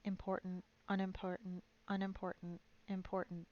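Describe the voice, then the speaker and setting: A woman voicing a pompous, fussy king in a storybook reading, speaking in a deep, grave tone with grumbling undertones, on dull lo-fi stream audio. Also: moderate pace, lightly acted.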